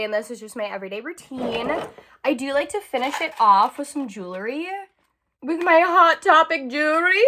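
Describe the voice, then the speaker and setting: Brief: a high-voiced woman in her twenties, a casual, chatty vlogger telling a story. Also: background noise. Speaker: beauty vlogger. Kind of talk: casual chat.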